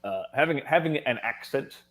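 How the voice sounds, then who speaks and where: An Australian man telling stories as a guest in a casual conversation, animated and laughing often. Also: mid-range voice, normal speed.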